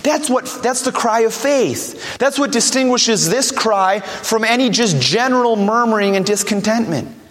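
A man's voice: high-pitched, a little slow, few pauses, a bit bright, long reverb tail. A man preaching a sermon, earnest and urgent, acting out the words of people who pray. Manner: earnest, acts out prayers and voices of doubters.

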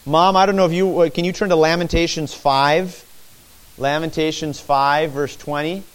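Animated preacher with a high voice. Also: male voice, moderate pace, smooth. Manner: animated, acts out the disciples' cries. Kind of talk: sermon, Bible teaching.

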